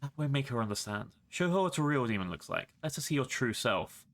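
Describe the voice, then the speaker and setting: A man's voice: medium pitch, big pitch swings, a little fast, a bit bright. A man voicing a sinister male count who speaks in a chilling, insinuating way. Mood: menacing.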